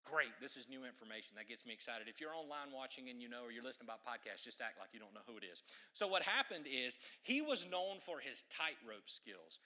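A man preaching a sermon, telling a story with joking asides and animated delivery. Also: mid-range voice, brisk, hardly any pauses.

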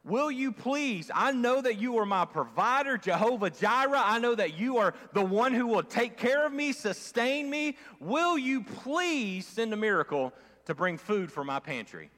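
Pleading praying woman, put on by a male pastor, raised pitch, stretched words, hall echo. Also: lively intonation, a bit bright, heavily acted. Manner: fervent, pleading, drawn-out words. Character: poor devout woman pleading in prayer.

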